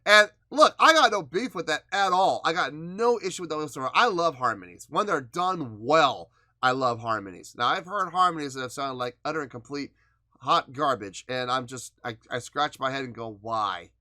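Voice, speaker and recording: A man's voice: a little high, expressive, moderate pace, sharp tone, no room sound, clean studio sound. A man hosting a music reaction show, talking casually and emphatically as he breaks down what he just heard, at times playfully defiant. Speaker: music reaction channel host.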